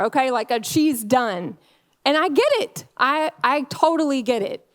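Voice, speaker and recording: A woman's voice: high voice, measured pace, clear, resonant tone. A woman preaching a conversational sermon in a candid, chatty way, full of fillers and frequent laughs.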